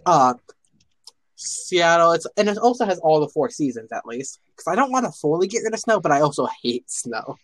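A man's voice: a little high, big pitch swings, moderate pace, fairly bright tone, no room sound, low-quality recording. A man from Minnesota chatting earnestly on a voice call, rambling with plenty of restarts. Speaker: chat participant. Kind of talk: casual online voice chat.

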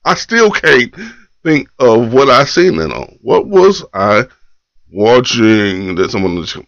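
A man's voice: mid-range voice, very animated, slow pace, a bit bright, no echo. A man hosting a morning poetry live stream, chatting casually and loosely with slang, greeting viewers and reading their comments. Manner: laid-back, loose slang, repeats phrases. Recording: dull lo-fi live stream audio.

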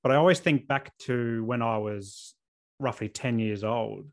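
A man in his thirties from South Australia with an Australian accent, hosting a podcast interview in an earnest, open way with halting restarts. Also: medium pitch. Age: 30s. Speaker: podcast host. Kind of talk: casual interview chat.

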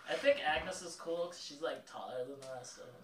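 A man voicing a shy, nerdy schoolboy with an inhaler, talking quietly and mumbling, in a roomy recording. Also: a little high, fairly quick, distant mic, pitched below the performer's own voice, close to an everyday voice. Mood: meek.

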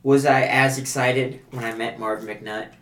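A man's voice: medium pitch, fairly even intonation, unhurried, fairly bright tone. A man with a mid-range voice co-hosts a casual podcast chat in a dry, questioning tone. The room is echoey, with a faint hiss behind him. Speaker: podcast co-host.

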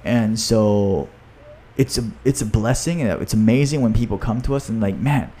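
A man who coaches fitness and runs a gym, talking in a casual podcast chat. He talks in an upbeat way, with quick runs full of fillers. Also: fairly low pitch, dark tone. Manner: upbeat, talks fast with many fillers, reads aloud from his own book.

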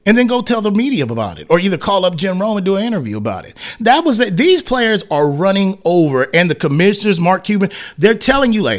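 A man's voice: sits high, big pitch swings, quick pace, few pauses. A man hosting a sports talk radio show, ranting in a heated, rambling, slangy way and slipping into mocking voices. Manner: heated, rambling, slangy rants full of acted asides.

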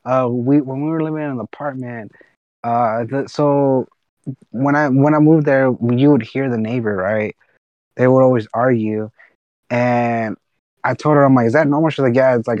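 A man's voice: mid-range voice, normal speed, a little mellow, no echo, highs cut off. A man telling stories in a casual podcast chat, rambling with restarts and cursing. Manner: rambling, restarts and fillers, profanity.

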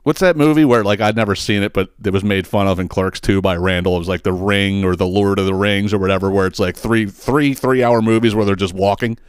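Male podcast host, animated and foul-mouthed, dry close mic. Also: fairly low pitch, fairly quick, hardly any pauses, smooth, dry recording. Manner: profane, rambling, animated. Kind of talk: casual storytelling.

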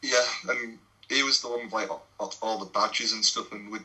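A man's voice: on the low side, fairly even intonation, moderate pace, bright, forceful tone, rough recording. A young English man, a non-league footballer, telling laddish stories in a casual podcast chat, swearing and laughing as he goes.

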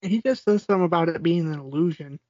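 A man's voice: on the high side, quick pace, mellow, no echo. Guy on a podcast recapping a movie, laughing a lot, kinda lo-fi dry sound. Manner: retells scenes quoting lines, laughs often. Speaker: podcast co-host. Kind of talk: casual movie recap chat. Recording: dull lo-fi sound.

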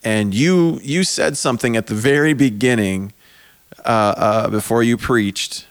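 A man hosting a podcast with a joking, rambling manner, his voice going hoarse, talking into a microphone in a small basement. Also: medium pitch, unhurried, no room sound. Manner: joking, rambling, self-mocking. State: losing his voice. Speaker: podcast host. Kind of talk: casual podcast chat. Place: small basement corner at a camp. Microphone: studio microphone.

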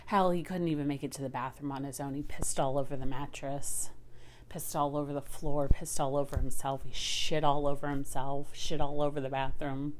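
A woman's voice: low-pitched, fairly even intonation, moderate pace, slight background noise. Raw, emotional woman speaking to camera. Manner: raw and intimate, dropping to whispers and rising to anguished outbursts; swears freely. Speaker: partner of a recovering alcoholic. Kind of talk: emotional personal monologue.

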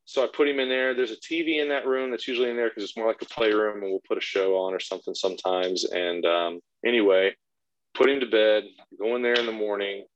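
A man's voice: on the low side, fast talker, muffled recording. A man in his thirties telling a long family story in casual chat on a podcast, swearing freely and acting out the lines he quotes. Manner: profane, animated retelling with voiced quotes. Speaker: podcast guest.

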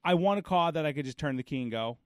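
A man's voice: on the high side, lively intonation, quick pace, no echo, studio quality. A man in his thirties, co-hosting a podcast in casual chat, telling a long story and acting out the other people's lines. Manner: storytelling, acts out quoted dialogue. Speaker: podcast co-host.

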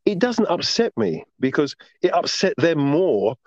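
A man's voice: on the high side, measured pace, no echo. Emphatic storytelling man, dull dry sound. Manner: animated, emphatic, tags lines with "right?". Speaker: podcast guest. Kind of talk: casual storytelling interview.

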